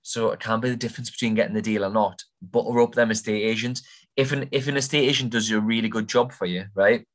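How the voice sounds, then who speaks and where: A man's voice: fairly low pitch, fairly even intonation, quick pace, a bit bright. A young man, giving blunt, informal property advice as a podcast host in a casual monologue. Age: young adult.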